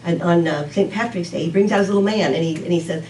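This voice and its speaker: A woman's voice: fairly low pitch, quick pace, warm tone, echoey room, distant mic, a little hiss or hum, poor audio. A woman giving a casual, rambling sermon talk to a congregation, often laughing at herself. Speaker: speaker at a church service.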